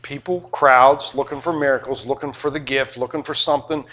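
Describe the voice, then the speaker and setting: A man preaching a sermon, animated, acting out scenes and shifting between loud and soft. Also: mid-range voice, a little fast. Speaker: pastor.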